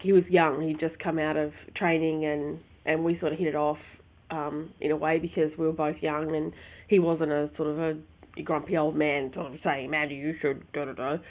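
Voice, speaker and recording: A woman, co-hosting a casual chat and telling her stories in an animated way, often restarting her sentences. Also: low-pitched, moderate pace. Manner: animated storytelling with many restarts. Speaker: co-host. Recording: phone-like narrow sound.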